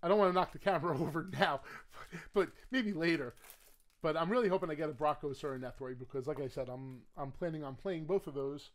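A man chatting casually while opening trading card packs. He rambles with many fillers and restarts, laughs often, and erupts into loud excitement. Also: a little high, a little fast. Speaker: card game collector opening booster packs. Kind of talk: casual pack-opening commentary.

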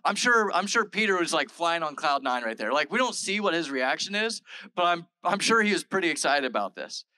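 A male pastor with a fairly high, animated voice delivers a casual sermon, retelling scripture in everyday modern speech packed with "like" and "all right." His tone is brisk, bright and forceful. The recording is low quality but has no echo.

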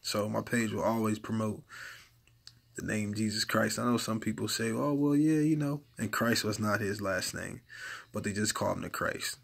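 A man's voice: on the low side, steady tone, normal speed, vocal fry. A man preaching informally to camera in an earnest, exhorting way, repeating his points for emphasis. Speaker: lay preacher.

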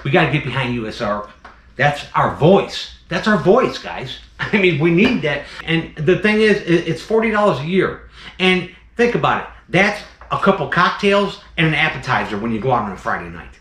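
Fired-up snake breeder ranting bluntly. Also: male voice, a little high, very animated, a little fast, fairly bright tone, echoey room. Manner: blunt, fired-up, repeats himself. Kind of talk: impassioned vlog rant.

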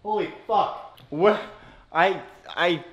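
A young man chatting while cooking, loud and excitable, swearing a lot. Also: high-pitched, slow pace, echoey room, muffled recording. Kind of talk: casual chat while cooking. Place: home kitchen.

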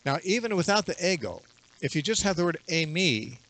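Measured man explaining scripture. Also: a little high, very animated, fairly bright tone. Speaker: bible teacher. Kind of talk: radio interview.

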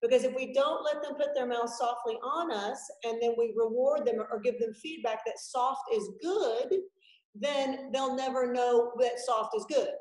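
A woman with a fairly high voice teaches dog owners over a video call, chatty and animated. Her voice rings in an echoey home room. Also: measured pace. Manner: chatty and animated, acts out puppies and dramatic yelps. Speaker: dog trainer teaching a class. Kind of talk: informal online class lecture. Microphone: video call microphone.

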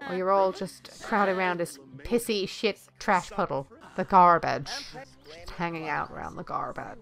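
A woman giving crude, excitable commentary while playing a video game. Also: on the low side, normal speed, creaky. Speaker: let's play gamer. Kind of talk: gameplay commentary.

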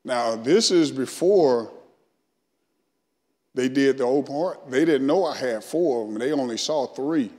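A guest speaker at a church sermon, this middle-aged man from Alabama shares his testimony in a Southern accent and performs his own past dialogue. His medium-pitched voice is a little mellow and measured, echoing with long sanctuary reverb.

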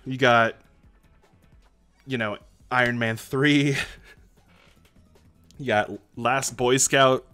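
A man streaming a video game live, reacting excitably and chatting to his viewers. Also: medium pitch, clear, resonant tone. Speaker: Twitch streamer.

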